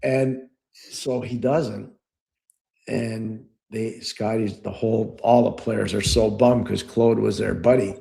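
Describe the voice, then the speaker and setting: Gravelly-voiced man telling old stories. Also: lowish voice, takes it slowly. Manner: animated storyteller, acts out quoted voices, laughs often. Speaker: podcast co-host. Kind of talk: storytelling in casual chat.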